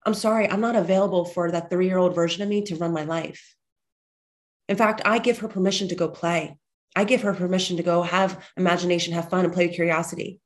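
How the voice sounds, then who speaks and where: A lively woman in her thirties talks straight to her listeners, weaving chatty family stories into a motivational pep talk. She sounds a little stuffed up, and she speaks bluntly, even swearing now and then. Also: mid-range voice. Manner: animated, chatty storyteller, blunt and profane at times. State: slightly congested. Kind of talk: motivational monologue with personal stories.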